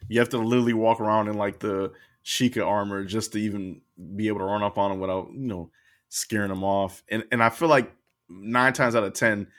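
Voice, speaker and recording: A man co-hosting a casual podcast chat about games, animated and laughing often. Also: fairly low pitch, a little fast. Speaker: podcast co-host.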